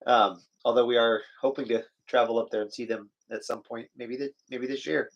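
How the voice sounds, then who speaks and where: A man's voice: mid-range voice, fairly even intonation, fairly quick, dull audio. A man from the US West Coast co-hosting a casual live chat, joking and reading out viewer comments. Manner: chatty, joking, reads viewer comments aloud. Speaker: co-host of a live chat stream.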